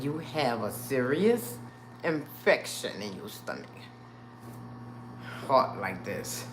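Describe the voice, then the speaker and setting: A woman's voice: rumbling low, noisy background. A woman, hosting a live stream and telling her viewers a story, acting out what people said and calling the viewers y'all. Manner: animated, addresses viewers as y'all, acts out quotes.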